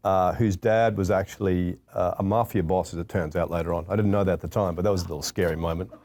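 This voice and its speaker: A man's voice: low voice, steady tone, quick pace, darkish tone, slight background noise. A man with an Australian accent, a guest in a casual onstage interview, telling stories in an easygoing, self-mocking way. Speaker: guest, executive. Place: live event room with audience.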